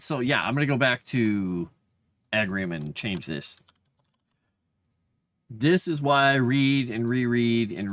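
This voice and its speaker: A man's voice: on the low side, a bit bright. A man streaming live as he writes fantasy lore, chatting casually and rambling, and reading his drafts aloud under his breath.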